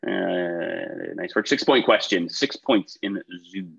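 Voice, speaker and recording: A man's voice: low voice, slow pace, vocal fry, husky, lo-fi sound. A man hosting a trivia quiz over a video call, reading questions and tossing in chatty, upbeat asides between them. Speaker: quiz show host.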